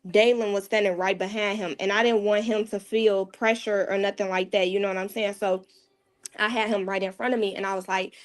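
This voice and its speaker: A woman, a mother appearing as a guest, tells a painful personal story in a candid, casual way, often dropping her voice low. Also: fairly even intonation, a little fast.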